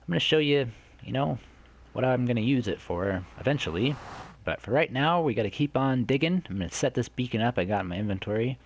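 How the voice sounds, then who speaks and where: A man hosting a let's play, chatting to viewers in a rambling way and exclaiming loudly when something surprises him. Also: medium pitch, lively intonation, fairly quick. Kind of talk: gameplay commentary.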